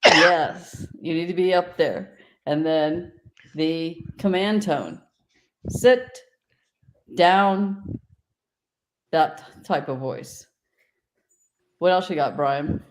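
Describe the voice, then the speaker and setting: A woman's voice: low-pitched, takes it slowly. Woman dog trainer, direct and confident, on a noisy video call. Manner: direct, confident, demonstrates tones of voice. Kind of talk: casual instructive chat.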